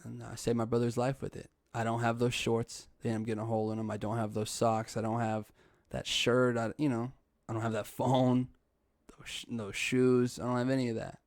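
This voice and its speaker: A man's voice: mid-range voice, level tone, a little fast, dry recording, clean studio sound. A young man hosting a podcast, telling a story in a loose casual style, laughing often and dropping swear words. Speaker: podcast host.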